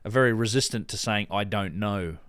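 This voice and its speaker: A man's voice: lowish voice, brisk, a bit bright, smooth, no room sound, clean studio sound. A man hosting a casual podcast chat, rambling with many restarts and fillers. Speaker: podcast host.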